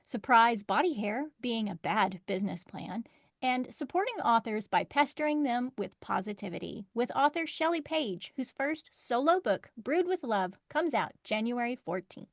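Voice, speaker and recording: A bubbly, effusive woman hosting a podcast in casual chat. Her voice sits fairly high. The recording is dry and close. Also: animated, moderate pace, dry recording. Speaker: podcast host.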